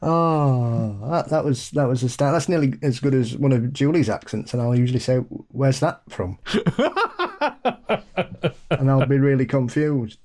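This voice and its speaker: A man's voice: medium pitch, moderate pace, warm tone, a little hiss or hum. A man co-hosting a podcast in casual chat, with a dry, joking manner. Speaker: podcast co-host.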